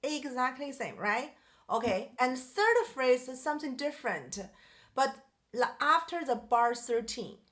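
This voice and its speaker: A woman's voice: high-pitched, sing-song, unhurried, a bit bright. A woman teaching a piano masterclass, singing melodies on syllables and questioning her student in simple English. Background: piano playing.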